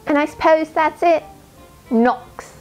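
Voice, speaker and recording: A woman's voice: sits high, takes it slowly, soft background music, voice pushed up, rough recording. A woman voicing an earnest, studious teenage girl witch in a put-on British accent, giving precise, lecturing advice. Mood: prim, earnest.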